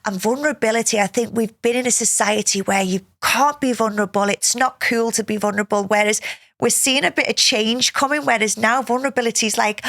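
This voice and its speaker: A woman hosting a podcast interview, effusive and chatty, laughing often and thinking out loud. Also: on the high side, fairly even intonation, brisk, dry recording, clean studio sound. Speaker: podcast host. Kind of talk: casual interview chat.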